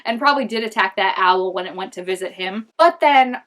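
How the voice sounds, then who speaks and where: A woman's voice: medium pitch, a little fast, a bit bright. Gushing young woman rambling a fan recap. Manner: gushing, rambling, heavy use of filler "like". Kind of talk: casual fan recap vlog.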